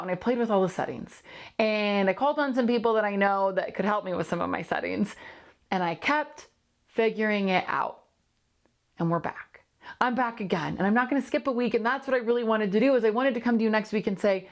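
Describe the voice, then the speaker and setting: A woman's voice: mid-range voice, normal speed. A woman who hosts a coaching channel, talking candidly and earnestly to camera, repeating phrases for emphasis. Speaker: host and coach. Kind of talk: candid solo monologue to camera.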